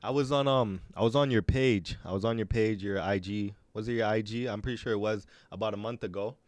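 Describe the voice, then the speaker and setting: A young Canadian man hosting a podcast, talking casually in a halting way, often repeating his words as he tells stories. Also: lowish voice, fairly even intonation, darkish tone, no echo. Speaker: podcast host.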